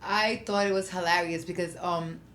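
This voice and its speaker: A woman co-hosting a podcast in casual chat. She talks in a chatty, warm, sappy way. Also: on the low side, steady tone, normal speed, slight background noise. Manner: chatty, warm, self-described sappy romantic.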